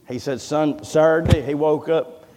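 A man's voice: on the high side, fairly even intonation, a little slow, mellow, a little hiss or hum. A man preaching a sermon, telling a long story and acting out the voices of the people in it. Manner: folksy storyteller, acts out quoted voices. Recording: long hall reverb.

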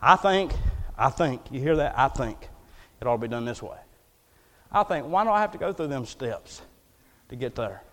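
A man preaching a folksy, emphatic storytelling sermon. He swings between loud bursts and hushed asides. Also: mid-range voice, lively intonation, normal speed. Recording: long hall reverb.

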